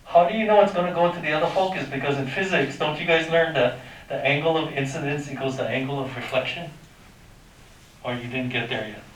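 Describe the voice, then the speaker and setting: His voice runs somewhat high and brisk as this high school math teacher lectures a class casually, quizzing students and throwing in sound effects. Slight background noise accompanies the echoey, far-off classroom recording.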